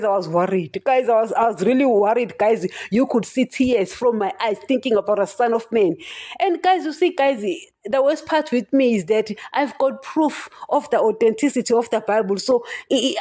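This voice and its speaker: A woman's voice: on the high side, warm tone. A woman preaching on a podcast, impassioned and emphatic, who keeps calling out to her listeners as "guys". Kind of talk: podcast sermon.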